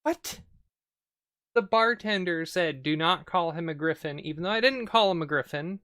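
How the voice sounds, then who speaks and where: A woman's voice: fairly low pitch, a little fast, fairly bright tone, no room sound, studio quality. A woman streaming a text adventure game, dictating her typed commands word by word and laughing in disbelief at the results.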